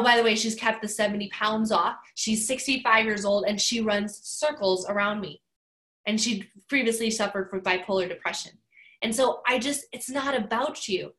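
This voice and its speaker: A woman's voice: fairly high pitch, pushed and bright, low-quality recording. A woman in her forties giving an emphatic motivational talk, driving points home by repeating key phrases. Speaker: motivational speaker.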